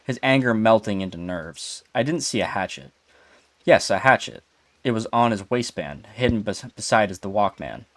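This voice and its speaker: A man's voice: lowish voice, lively intonation, moderate pace, a bit bright, dry recording. A man casually reading a spooky internet story aloud, sometimes stumbling over words and chatting with a co-reader. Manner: stumbles over words and asks about them.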